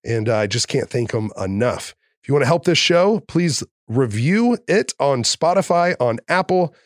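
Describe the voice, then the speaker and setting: A man's voice: medium pitch, expressive, normal speed, dry recording, studio quality. A man hosting a podcast, talking in an earnest, grateful, effusive way. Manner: warm, earnest and effusive with praise. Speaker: podcast host. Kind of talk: casual podcast interview.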